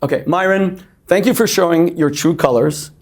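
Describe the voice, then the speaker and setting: Impassioned rabbi, emphatic debater. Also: male voice, on the high side, moderate pace. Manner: impassioned, emphatic, repeats words to break in. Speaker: rabbi, panel guest. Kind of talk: heated televised panel debate.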